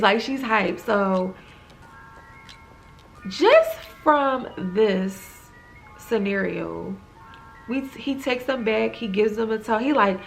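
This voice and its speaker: A woman's voice: fairly high pitch, lively intonation, slow, creaky, pauses often, soft background music. A woman casually recapping a TV episode, retelling scenes in a loose, chatty way full of "like" fillers. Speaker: TV recap reviewer.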